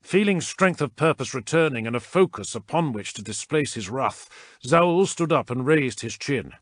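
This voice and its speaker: A man reading a war story aloud as narrator, in measured, dramatic storytelling. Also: mid-range voice, lively intonation, dry recording, studio quality. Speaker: audiobook narrator. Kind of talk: scripted narration.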